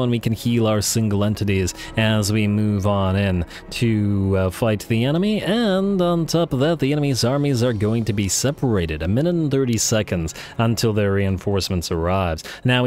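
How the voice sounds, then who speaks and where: A man with a somewhat low voice talks through a strategy game in a relaxed, thinking-aloud way, with plenty of pauses and filler sounds. His voice sounds a little hoarse. A faint hum sits under the recording. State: losing his voice. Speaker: gaming YouTuber. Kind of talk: let's play commentary.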